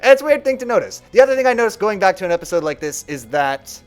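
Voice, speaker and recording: A man's voice: high-pitched, sing-song, fast talker, clear, resonant tone, soft background music. A man streaming a card video game, chatting casually and rambling about how people play. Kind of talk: casual gameplay commentary.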